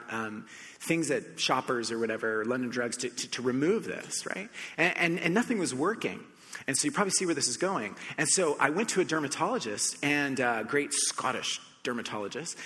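A man from the United States preaching a sermon, telling a personal story with animated shifts between soft reflection and excited emphasis. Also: medium pitch, a little fast. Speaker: pastor. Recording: long hall reverb.

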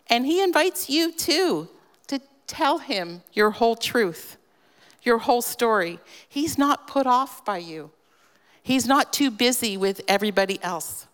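A woman giving an earnest devotional teaching on a scripture passage, gently emphatic and personal. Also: mid-range voice. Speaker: devotional speaker. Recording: long reverb.

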